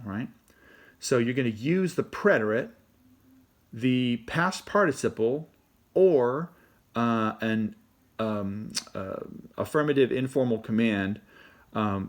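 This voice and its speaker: Man, Spanish teacher, somewhat low voice, relaxed explaining, lots of "okay?" and "um", mixes English and Spanish. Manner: casual, explains step by step with many fillers and check-ins; switches between English and Spanish. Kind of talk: recorded classroom lesson.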